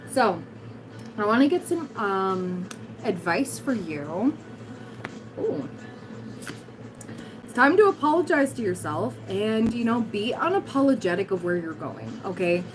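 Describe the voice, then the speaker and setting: A woman with a raspy, hoarse voice giving a casual livestream tarot reading, blunt and encouraging with giggly asides. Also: mid-range voice, sing-song, a little slow, pauses often, over music, low-quality recording. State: hoarse, voice recovering. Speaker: tarot reader, livestream host.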